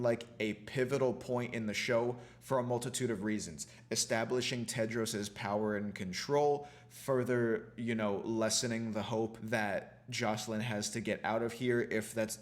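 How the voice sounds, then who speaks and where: A man, a film student, reviewing a TV show in a casual, profane rant full of fillers. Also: mid-range voice. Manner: profane, ranting, many fillers like "you know".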